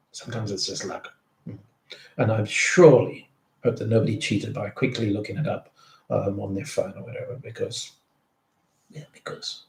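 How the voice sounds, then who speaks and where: A man's voice: medium pitch, darkish tone, roomy sound. A man with a South African accent hosting an online pub quiz, reading answers in a chatty, jokey, rambling way. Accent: South African English. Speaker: quiz host.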